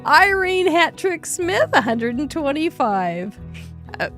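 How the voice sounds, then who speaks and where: A woman's voice: sits high, very animated, slow, a bit bright, soft background music. A woman hosting a live craft show, cheerfully reading out names and card counts, laughing often. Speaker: host.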